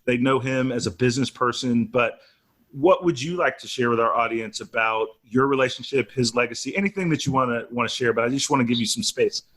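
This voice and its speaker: A man's voice: mid-range voice, brisk, fairly bright tone. A man hosting an interview who asks open, inviting questions and leaves his guest room to talk. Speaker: interview host.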